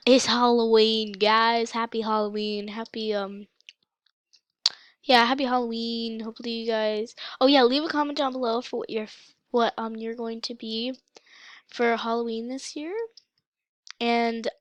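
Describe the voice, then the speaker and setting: A young woman casually commenting on her gameplay for her channel, chatty and excitable, with a slight cough. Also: on the high side, unhurried, no room sound. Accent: mock British, put on. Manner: chatty, excitable, breaks into gasps and shouts. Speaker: gaming channel host.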